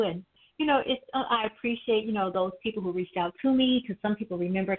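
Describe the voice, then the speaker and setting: A woman's voice: mid-range voice, fast talker. A woman co-hosting a casual chat, reflective and talking with many "you know" fillers. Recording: tinny phone line.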